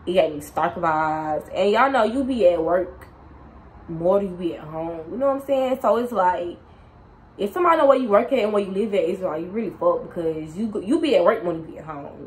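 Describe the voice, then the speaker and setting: A young woman tells a storytime in a loose, slangy way, talking right at her viewers. Her voice sits at a middle pitch. A faint hiss of background noise stays under her. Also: low-quality recording. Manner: animated, slangy, addresses viewers directly. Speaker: storytime vlogger. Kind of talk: casual storytime chat.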